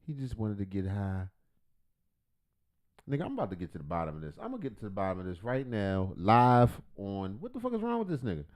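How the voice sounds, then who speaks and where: Animated profane man reacting to clips. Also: lowish voice, brisk. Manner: profane, rambling, jokey, loud swings in volume. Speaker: streamer reacting to videos. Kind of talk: casual livestream reaction commentary.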